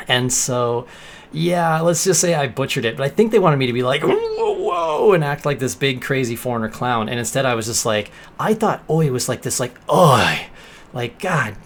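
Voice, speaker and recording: A young man vlogging casually, telling an anecdote and acting out quoted lines with lively bursts. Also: mid-range voice, slight background noise. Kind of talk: casual storytelling vlog.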